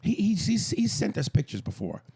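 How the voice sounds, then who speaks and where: A man co-hosting a podcast, reading out and mocking a listener email in loud, crude casual banter. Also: moderate pace, gravelly, husky. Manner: loud, animated and crude, jumps pitch for emphasis. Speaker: podcast co-host.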